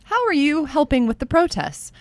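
Woman host of a spoof news radio show, patient and dry, expressive voice. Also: high-pitched, moderate pace, no room sound. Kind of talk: comedy news radio parody.

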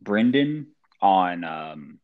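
A man's voice: low-pitched, sing-song, drawn-out words, phone-quality sound. A man co-hosting a casual true-crime podcast, thinking aloud and hesitating. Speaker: podcast co-host.

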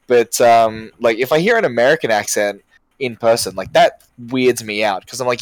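A man's voice: mid-range voice, normal speed, no room sound. A man from Australia, chatting casually and animatedly, full of fillers like "like" and restarts. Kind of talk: casual chat.

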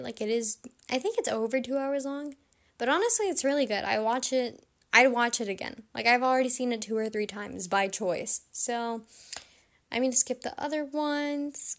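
Chatty young woman, fairly high voice. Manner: chatty, blunt, self-mocking. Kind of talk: casual movie-rating monologue.

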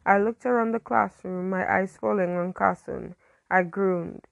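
A woman's voice: mid-range voice, steady tone, measured pace, gravelly, dry recording. A young woman casually reading a teen story aloud, stumbling and correcting herself now and then. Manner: reads with slips and self-corrections. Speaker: story reader.

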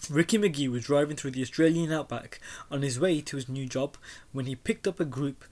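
Young co-host, mid-pitched voice, playful and teasing, hushes for story beats. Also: a little fast. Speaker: podcast co-host telling a true story. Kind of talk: casual chat with storytelling.

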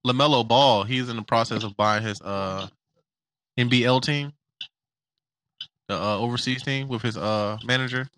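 Bright-voiced laid-back young man. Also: mid-range voice, moderate pace, pauses often, rough recording. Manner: laid-back, profane, joking. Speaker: podcast co-host. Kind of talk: casual podcast chat.

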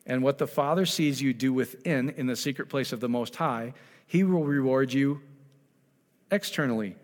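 Delivering a sermon at normal speed in a mid-range voice, this preacher poses rhetorical questions emphatically, alternating booming exhortation with hushed, personal asides. The sound carries a long hall reverb.

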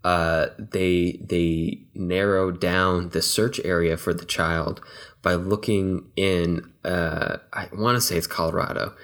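A young man who grew up in Texas, co-hosting a casual film podcast, rambling with lots of fillers and restarts. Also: sits low. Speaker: podcast co-host.

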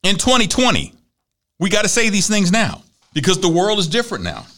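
A middle-aged man hosting a talk show, telling stories in a chatty, animated way and acting out the people he quotes. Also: sits high, a little fast. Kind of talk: conversational monologue.

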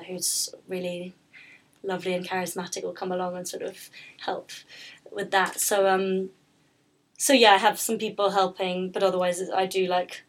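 A husky-voiced woman talks casually about her work, drifting and restarting her sentences and filling gaps with ums. Her pitch stays fairly flat throughout. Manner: rambling, with many fillers and restarts. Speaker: pastry business founder, guest. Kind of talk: casual interview chat.

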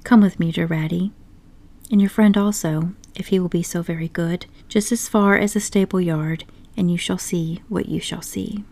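A woman voicing a boastful, excitable male toad in an audiobook story, talking grandly and pushily. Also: on the low side, normal speed. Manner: grandly enthusiastic, pushy.

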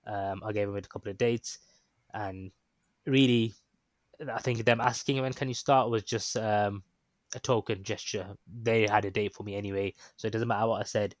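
A man's voice: fairly low pitch, steady tone, moderate pace, no echo. A man casually telling a story, rambling and hesitant with lots of ums and restarts. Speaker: guest recounting his experience.

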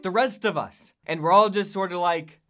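A woman hosting a podcast, delivering a comedic monologue with sarcastic swings between loud outbursts and hushed asides. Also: lowish voice, moderate pace, faint music behind. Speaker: podcast host.

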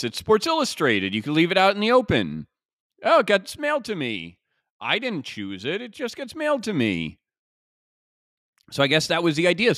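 A man's voice: medium pitch, a bit bright, no echo. Conversational male podcast host, dry sound. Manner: conversational, musing, frequent restarts and rhetorical questions. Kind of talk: casual solo commentary.

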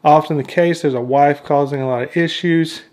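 A man's voice: a little high, fairly even intonation, moderate pace, a little mellow, lightly acted. A man voicing a weary male patrol trooper, speaking in a dry, procedural tone.

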